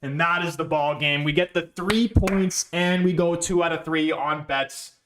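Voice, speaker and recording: A man reacting live to a football match, excitable and pleading, swearing often, in a fan watch-along. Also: a little high, measured pace, slight background noise. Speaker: fan streamer.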